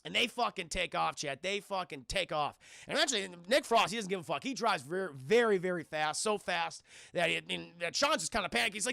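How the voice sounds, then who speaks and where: A man excitedly recapping a film for his live-stream chat, swearing freely and acting out the characters' lines in shifting voices. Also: high voice, fairly quick, creaky, no echo, clean studio sound. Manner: excitable, profane, keeps addressing chat.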